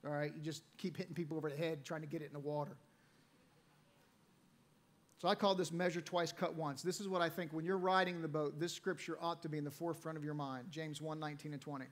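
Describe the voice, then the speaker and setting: A male pastor preaching a sermon in a church, telling a personal story and then dropping his voice to read scripture quietly. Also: on the high side, steady tone, quick pace. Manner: storytelling preacher, swings between loud emphasis and quiet scripture reading. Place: church sanctuary.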